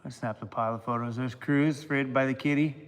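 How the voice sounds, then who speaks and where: A man's voice: mid-range voice, fairly even intonation, fairly quick, in a large hall. A middle-aged man chatting casually on a livestream to his members, laughing often and talking to his dog.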